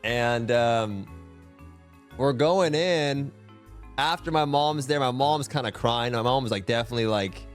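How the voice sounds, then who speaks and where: A young man in the middle of his usual pitch spins a long story in a loose, rambling way, packing it with filler words and swearing. Faint music sits quietly behind his voice. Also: a little slow. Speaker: streamer. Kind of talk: casual storytelling.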